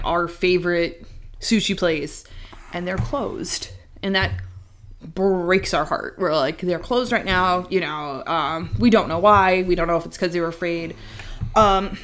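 A woman co-hosting a podcast in casual, chatty talk, quick to laugh and full of "like.". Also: lowish voice, a bit bright. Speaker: podcast co-host. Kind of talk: casual chat.

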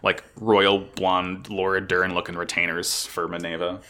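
A man's voice: sits low, unhurried. A man casually recapping an anime episode, swearing freely and acting out the characters' lines. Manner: animated, swears a lot, acts out characters' lines. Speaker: podcast co-host recapping an anime. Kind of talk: casual chat.

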